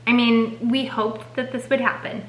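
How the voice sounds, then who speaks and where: A young woman co-hosting a family channel, chatting casually with warm, fond asides. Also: on the high side, flat delivery, moderate pace. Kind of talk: casual chat. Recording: echoey room.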